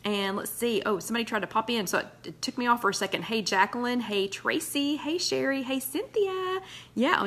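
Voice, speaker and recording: A woman's voice: fairly high pitch, a bit bright. A woman hosting a casual live chat from her loft at home, rambling and greeting viewers one by one. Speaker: host of a live weight-loss chat.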